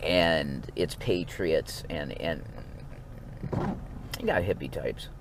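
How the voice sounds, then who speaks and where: A man vlogging in a rambling, profane monologue, swinging between low mumbles and sudden outbursts. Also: slow, background noise.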